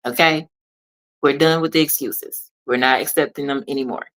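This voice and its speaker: A woman with a notably low-pitched voice delivers a motivational monologue as a consultant. She speaks directly to the listener in an emphatic, preachy way. She repeats key lines to drive them home. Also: steady tone, moderate pace, a bit bright, poor audio.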